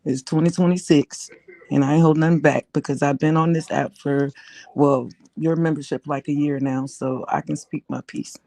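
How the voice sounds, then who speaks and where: A woman's voice: low voice, steady tone, moderate pace, gravelly, dark tone, no room sound. A woman guest on a livestream with a Southern US accent, speaking bluntly and emphatically in support of the host. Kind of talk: casual supportive chat.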